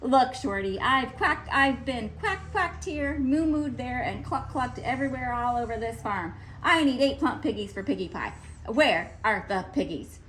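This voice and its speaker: Woman putting on a screechy, bossy storybook witch, high and loud, big pitch swings, hungry and cranky. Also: expressive, measured pace, slight background noise. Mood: exasperated. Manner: bossy, demanding shouts. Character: greedy screeching witch, hungry and short-tempered. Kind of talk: storybook read-aloud.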